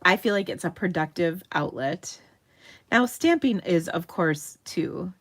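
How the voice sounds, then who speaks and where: Woman, middle-aged, casual painting demo, self-deprecating, frequent laughter, slightly low voice. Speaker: craft tutorial host.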